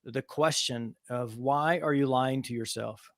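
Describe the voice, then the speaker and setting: A man's voice: medium pitch, unhurried, dry recording, studio quality. A man hosting a live interview, reacting with loose, rambling enthusiasm. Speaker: host. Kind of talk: casual interview chat.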